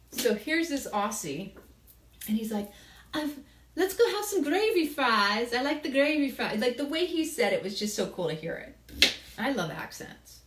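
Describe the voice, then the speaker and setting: Chatty woman rambling from across an echoey kitchen. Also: on the low side. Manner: rambling, storytelling, asks viewers for comments. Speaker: cooking show host. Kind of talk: casual chat to viewers while cooking. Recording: echoey room, mic far off, background noise.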